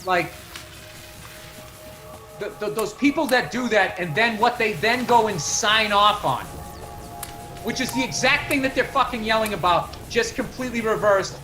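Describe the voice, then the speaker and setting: High-voiced man ranting in profane chat. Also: normal speed, long pauses, over music. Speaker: podcast guest comedian. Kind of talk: casual storytelling chat.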